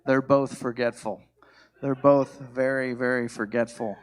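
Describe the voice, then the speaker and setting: A man's voice: medium pitch, flat delivery, measured pace. A man leading a church couples workshop, talking casually with jokes, stories and frequent fillers. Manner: conversational, self-deprecating, many fillers.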